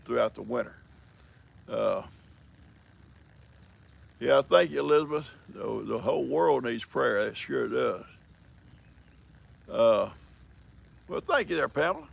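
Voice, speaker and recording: A man's voice: mid-range voice, vocal fry, a bit bright. An older man with a country accent, hosting a livestream in folksy, rambling casual chat and reading viewer comments. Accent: American country. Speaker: livestream host.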